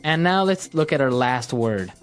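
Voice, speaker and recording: A man hosting an English lesson podcast, relaxed and repeating phrases for learners. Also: mid-range voice, normal speed, soft background music. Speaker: podcast host, English teacher. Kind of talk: casual teaching chat.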